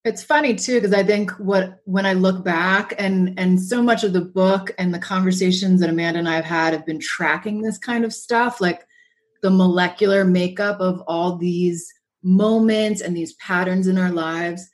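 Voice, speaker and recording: A woman guest author talking thoughtfully in a podcast conversation, often pausing to find her words. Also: fairly low pitch, fairly even intonation. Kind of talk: reflective conversation.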